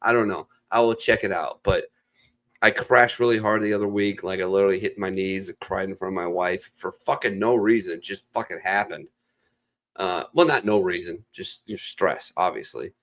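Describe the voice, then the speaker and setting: A middle-aged man telling stories in casual chat, rambling and swearing freely, at times putting on quick voices for the people he quotes. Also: sits low, fairly bright tone. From Ohio region. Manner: profane, rambling storyteller. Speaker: podcast regular.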